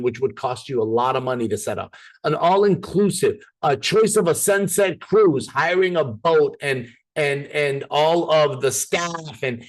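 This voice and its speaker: A man presents an opportunity to a live group in an upbeat, persuasive sales style. His voice sits slightly higher than most men's. He addresses the room directly and keeps the pitch moving.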